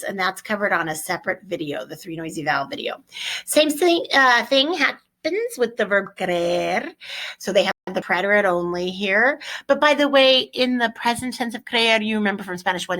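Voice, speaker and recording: A middle-aged woman teaching a Spanish vocabulary lesson in a chatty, lively way, correcting herself as she goes. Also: medium pitch.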